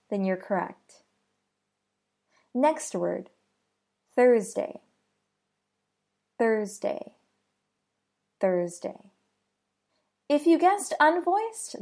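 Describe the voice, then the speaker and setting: Woman, American accent, pronunciation teacher, very slow and careful, a bit of vocal fry. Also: fairly high pitch, darkish tone. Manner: deliberate, repeats each word three times.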